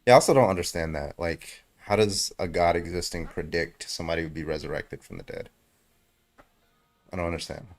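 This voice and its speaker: A deep-voiced man hosts a casual livestream debate. He talks in a laid-back way, swearing freely and chuckling between remarks. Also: brisk.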